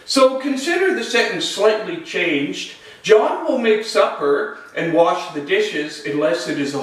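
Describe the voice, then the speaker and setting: Slow, lively-voiced man lecturing in an echoey room. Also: high-pitched. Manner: slow, deliberate, lively rising and falling intonation. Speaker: logic instructor. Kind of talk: recorded lecture. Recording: echoey room, voice far from mic.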